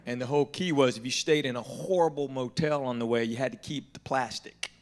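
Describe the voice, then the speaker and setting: A male comedian on a live-streamed panel, telling a road story and acting out each line of dialogue with big jumps in pitch and loudness. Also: brisk. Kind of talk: animated storytelling. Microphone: live stream panel mic.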